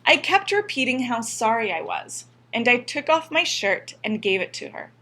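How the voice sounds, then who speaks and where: Earnest woman narrator, a touch high, steady reading. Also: normal speed, creaky, breathy edge. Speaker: audiobook reader. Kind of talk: scripted narration.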